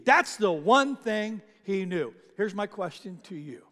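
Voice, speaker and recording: A man preaching a conversational sermon as pastor, animated in his retelling, slowing down for emphasis. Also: sits high. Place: church sanctuary. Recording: long hall reverb.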